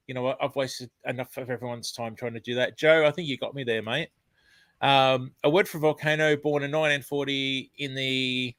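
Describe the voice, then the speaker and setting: A man's voice: mid-range voice, fairly even intonation, normal speed, a bit bright, dry recording. An Australian man hosting a live stream, chatting casually and greeting viewers, rambling with lots of ums and self-corrections.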